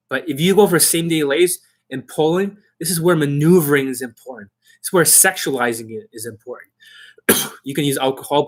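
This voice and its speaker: A man's voice: on the high side, fairly bright tone. A man speaking as a dating coach in a blunt, emphatic lecturing monologue. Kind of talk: instructional monologue.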